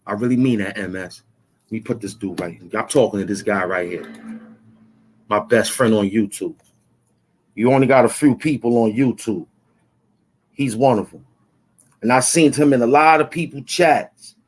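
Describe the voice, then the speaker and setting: A man's voice: on the low side, moderate pace, long pauses, slightly rough. Taunting New man ranting. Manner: taunting, repetitive, demanding. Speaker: YouTube show host. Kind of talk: confrontational rant to camera.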